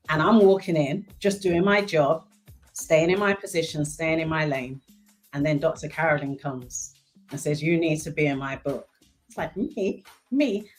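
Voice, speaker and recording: Woman, fifties, low pitch, earnest faith testimony, soft music behind. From Barbados. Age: 50s. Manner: earnest, emotional, faith-filled. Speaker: event speaker, clinical services director. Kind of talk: heartfelt testimony.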